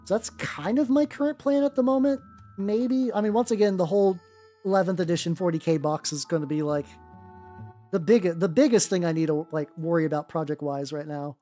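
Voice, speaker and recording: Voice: medium pitch, a little fast, mellow, soft background music. A miniature-painting streamer chatting casually with viewers while working, rambling with many restarts, swearing offhandedly and greeting chat by name.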